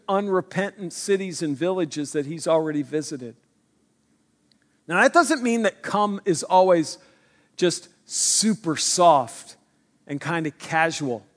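A man's voice: sits high, a bit bright. A man preaching a sermon in an earnest, conversational way that builds to emphatic points.

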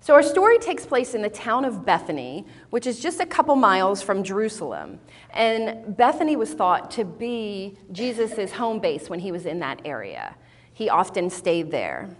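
A woman teaches a women's group in a sermon style, telling stories with lively, expressive rises and falls in her voice. Her voice sits in a middle register. A long reverb from a large hall hangs behind her words. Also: medium pitch, normal speed. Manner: animated, expressive storytelling. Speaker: speaker at a women's Bible study.

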